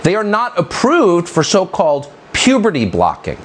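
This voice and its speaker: A male commentary host delivers his monologue with scorn and sarcasm. His pitch swings widely, rising and plunging as he mocks and scolds. A faint hiss sits under the voice. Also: huge pitch swings, moderate pace. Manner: indignant, sarcastic, mocking.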